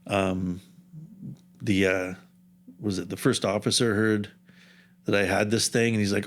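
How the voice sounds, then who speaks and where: Man, 50s, somewhat low-pitched; casual, wandering storyteller who doubles back mid-thought. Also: steady tone, normal speed. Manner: rambling, jumps around in time with asides. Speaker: underwater camera operator, podcast guest.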